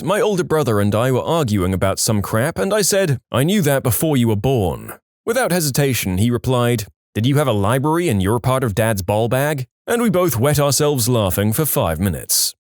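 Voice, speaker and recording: Lively male storyteller, dry close sound. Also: mid-range voice, dry recording. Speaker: narrator. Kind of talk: reading reddit stories aloud.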